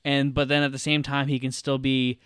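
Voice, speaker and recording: A man co-hosting a relaxed film podcast, recapping a scene blow by blow with eager, swear-laden energy. His voice is smooth and resonant, recorded close and dry with no room sound. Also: mid-range voice, fairly quick, no echo. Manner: excitable, profane play-by-play retelling. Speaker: podcast co-host. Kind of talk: casual film podcast chat.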